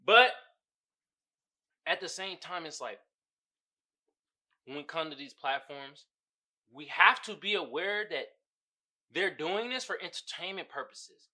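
A man hosting his own podcast, giving casual, slangy solo commentary that swings from low muttering to loud exclaiming. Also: expressive, unhurried, pauses often. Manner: slangy, profane, laughs at his own points. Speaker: podcast host.

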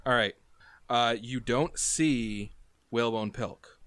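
A man narrating a tabletop game as game master, explaining rules and describing scenes with brisk fillers. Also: medium pitch, fairly bright tone, clear, resonant tone, dry recording.

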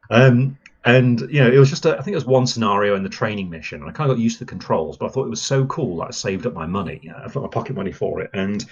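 A man's voice: fairly low pitch, slightly rough, lo-fi sound. A man, a podcast guest chatting enthusiastically with lots of fillers. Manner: rambling and enthusiastic, many fillers. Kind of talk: casual podcast chat.

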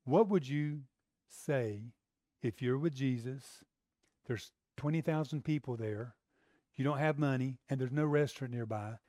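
A man's voice: mid-range voice, a little slow, warm tone, no room sound, studio quality. A man preaching a sermon in a conversational way, asking the congregation rhetorical questions.

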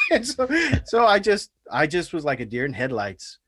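A man telling stories in a casual podcast chat, animated and earnest. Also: a little high, normal speed, husky, dry recording.

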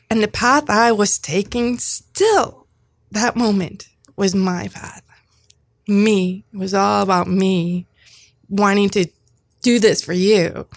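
Creaky-voiced woman in her fifties. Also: medium pitch, no echo. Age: 50s. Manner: earnest, with frequent restarts and repetitions. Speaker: interview guest. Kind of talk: personal storytelling in conversation.

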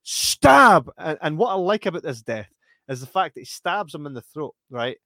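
A man co-hosting a casual film review chat, animated, often acting out lines from the film in put-on voices and laughing. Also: fairly high pitch, a little fast, no echo. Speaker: podcast co-host.

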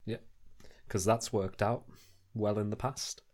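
A man's voice: lowish voice, steady tone, measured pace, darkish tone. A man playing in a tabletop game, a bit hesitant and laughing often. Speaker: player.

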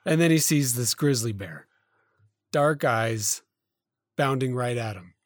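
A man co-hosting a podcast, retelling a story in a rambling, halting way full of fillers and self-corrections. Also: medium pitch, animated, no echo, studio quality. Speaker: podcast co-host. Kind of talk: casual storytelling chat.

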